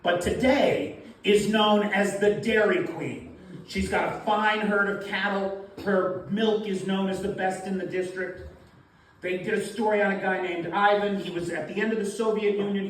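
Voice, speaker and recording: A man doing a standup comedy set, telling jokes deadpan and acting out the voices of the people in them. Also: sits high, slight background noise. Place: underground comedy club. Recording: very echoey club room, voice from far off.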